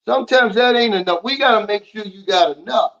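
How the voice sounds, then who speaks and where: A man hosting a casual livestream, talking bluntly and lecturing his viewers as he answers their comments. His voice sits a little high for a man. The audio is dull and lo-fi. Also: fairly quick, fairly bright tone. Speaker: livestream host.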